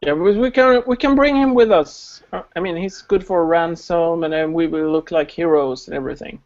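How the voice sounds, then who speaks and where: A man's voice: fairly high pitch, fairly quick. A man playing a tabletop game, speaking plainly and a little hesitantly, in a dull lo-fi recording. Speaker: player. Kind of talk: casual tabletop game chat. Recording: dull lo-fi recording with faint noise.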